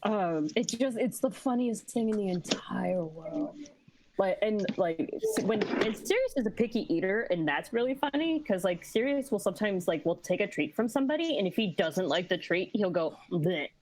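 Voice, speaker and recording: A woman's voice: mid-range voice, big pitch swings, normal speed, noisy background. Rambling, amused woman player. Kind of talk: casual chat.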